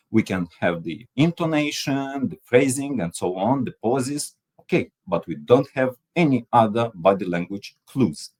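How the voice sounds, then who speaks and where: Husky low-voiced man giving a training talk. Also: darkish tone. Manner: explanatory, pauses with fillers. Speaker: workshop speaker.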